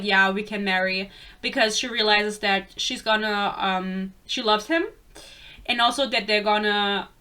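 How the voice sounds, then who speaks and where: A woman's voice: mid-range voice, bright, forceful tone. A young woman giving a casual, rambling book rant, sarcastic and swearing freely. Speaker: book reviewer.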